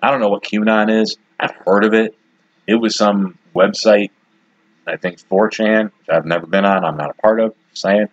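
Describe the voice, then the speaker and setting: A man's voice: on the low side, fairly even intonation, normal speed, dry recording, dull audio. A man in his forties from Detroit, hosting his own podcast and rambling bluntly through his opinions with lots of asides, a bit hiccupy. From Detroit, USA. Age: 40s. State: has the hiccups. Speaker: podcast host. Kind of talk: casual solo commentary.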